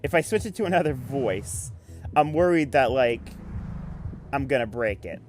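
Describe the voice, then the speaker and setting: A man's voice: medium pitch, animated, moderate pace, faint music behind. A man streaming a game, rambling and self-mocking as he talks through his settings, with a phaser effect on his voice. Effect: phaser and harmonizer on his voice. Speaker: let's-play streamer. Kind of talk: casual gameplay commentary.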